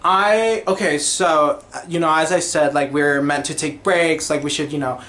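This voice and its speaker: A man's voice: a little high, steady tone, normal speed, fairly bright tone. A young man hosting a casual solo podcast, gushing and chatty, full of "like" fillers and sung snippets. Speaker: podcast host.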